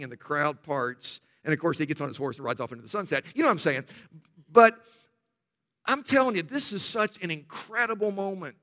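Male preacher with a high, bright voice and an emphatic, joking storytelling delivery. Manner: emphatic storytelling with humorous asides. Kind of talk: sermon.

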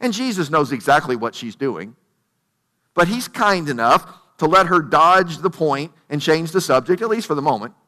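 A man preaching with a notably high, bright and forward voice. He tells the story conversationally and keeps asking rhetorical questions. The delivery is a sermon in plain everyday words. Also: lively intonation, moderate pace, long reverb tail. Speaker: pastor.

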